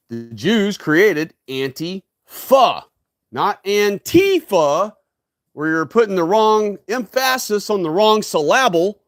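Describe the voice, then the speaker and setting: A man with a fairly high voice hosts a solo livestream, recorded with studio quality and no room sound. He delivers a preachy, emphatic rant, lecturing hard and peppering it with tag questions like "okay?" and "right?"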